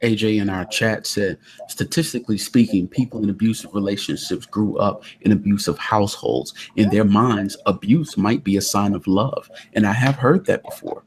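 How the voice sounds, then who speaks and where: A man's voice: lowish voice, normal speed, slight background noise. A man co-hosting a casual chat show, reading out viewer comments and adding his own view. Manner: brief affirmations, reads chat comments. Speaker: co-host.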